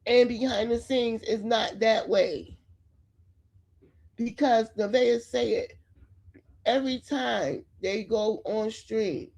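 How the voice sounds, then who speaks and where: Woman, gossip vlogger, slow unhurried delivery, dull lo-fi sound. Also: fairly high pitch, gravelly, darkish tone. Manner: chatty, opinionated, addresses viewers directly. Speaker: commentary vlogger. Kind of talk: casual celebrity gossip commentary.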